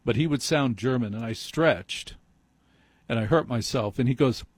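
Husky man, self-mocking comic storyteller, dry close mic, middle pitch. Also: no echo. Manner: rambling, self-mocking, quick asides. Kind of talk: comedic storytelling monologue. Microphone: close mic he adjusts himself.

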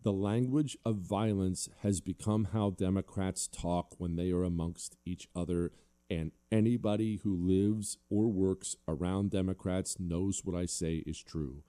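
A man's voice: on the low side, mellow. A male talk show host delivering a combative, sarcastic monologue and reading listener emails.

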